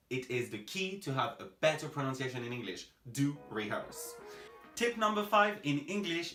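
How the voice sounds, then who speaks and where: Lively young man teaching English. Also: medium pitch, roomy sound. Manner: lively, emphatic, demonstrating sounds slowly. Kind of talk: pronunciation lesson to camera.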